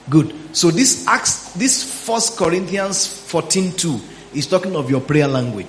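A man delivers a Bible teaching sermon in a high, ringing voice. He keeps checking with his listeners and draws out words for weight. The room is echoey and faint ambience sits underneath. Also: animated, unhurried, a little hiss or hum. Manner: questioning the congregation, drawing out words for emphasis. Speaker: pastor.

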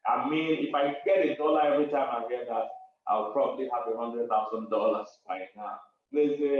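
A man's voice: mid-range voice, normal speed. A man, a pastor and marriage counselor preaching to an online audience. He stresses his points, repeats key phrases and laughs between them. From Africa. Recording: very echoey room, distant muffled mic.

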